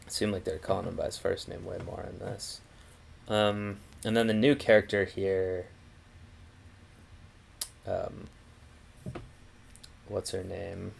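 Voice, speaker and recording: A man's voice: sits low, level tone, slow, vocal fry, long pauses, a little hiss or hum. A man reviewing a film on a casual live stream, thinking aloud and restarting his sentences with many fillers.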